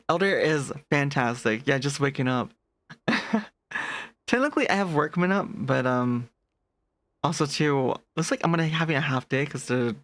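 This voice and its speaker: A streamer with a deeper natural voice, chatting casually with live viewers late at night, animated, laughing often and answering chat messages as they come in. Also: creaky. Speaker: VTuber streamer.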